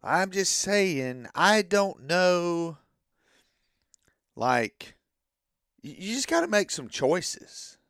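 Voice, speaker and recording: A man's voice: high-pitched, big pitch swings, drawn-out words, pauses often, a bit bright, smooth, dry recording, clean studio sound. A man delivering an opinionated monologue as a wrestling fan, ranting and repeating himself, then hedging that it is just his opinion.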